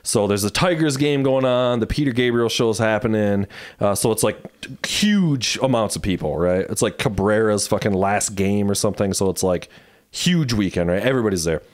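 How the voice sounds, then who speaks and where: A man hosting a podcast, telling a long story in loose, profane casual chat full of fillers, his voice jumping up high when he quotes people. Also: normal speed. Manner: jumps high in pitch when quoting others. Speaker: podcast host.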